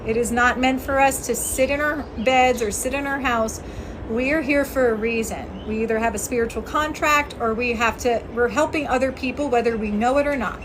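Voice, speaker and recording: A woman's voice: on the high side, brisk, hardly any pauses, noisy background. A woman who works as a spirit medium, chatting earnestly on a casual outdoor livestream and thanking viewers by name.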